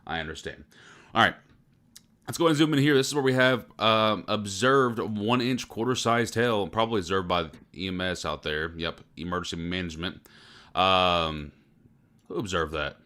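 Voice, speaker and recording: A man forecasting the weather in live storm coverage, tired from very little sleep and talking in a fairly monotone way. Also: deep voice, normal speed. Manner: self-described monotone delivery.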